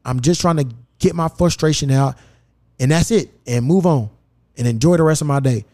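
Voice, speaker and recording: In a podcast studio, a male host with a fairly high-pitched voice speaks at a moderate pace. His storytelling is loose and full of swearing, and he animatedly performs each character's lines.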